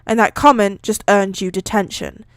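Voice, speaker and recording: A woman voicing a weary male teacher in a flat, deadpan tone while reading a story aloud. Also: mid-range voice, normal speed, no echo, clean studio sound, close to an everyday voice.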